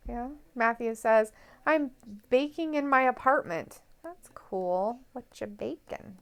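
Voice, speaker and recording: A woman's voice: a little high, animated, clean tone. A woman co-hosting a live stream, chatting casually, giggling often and reading viewer comments aloud. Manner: giggly, chatty, quick reactions.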